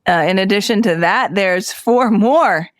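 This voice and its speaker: A woman's voice: mid-range voice, measured pace, no room sound. Upbeat playful woman cohosting a podcast, dry close mic. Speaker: podcast co-host. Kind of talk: casual podcast chat.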